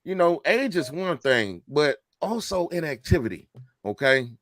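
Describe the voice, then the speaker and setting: A man co-hosting a casual boxing podcast, talking emphatically and getting louder as he makes his point. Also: a little high, unhurried, no room sound, clean studio sound. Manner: animated, emphatic, rising to a shout when excited. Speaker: podcast co-host.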